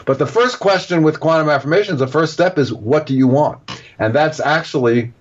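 A man's voice: fairly high pitch, brisk. A man being interviewed as an author, explaining at length and acting out little example quotes as he goes. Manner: digressive, explaining with acted-out examples. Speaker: author and guest. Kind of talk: casual interview talk. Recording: dull lo-fi audio.

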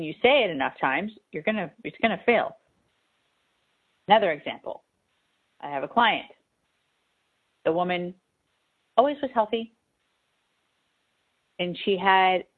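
A woman host and spiritual advisor giving an emphatic, repetitive radio talk monologue. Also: on the low side. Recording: tinny phone-like sound.

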